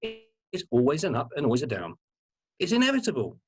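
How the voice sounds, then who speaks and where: A man being interviewed as a guest, telling his personal story in an animated, candid way and swearing freely. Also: a little high, fairly quick. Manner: animated, earnest, swears freely and repeats words for emphasis.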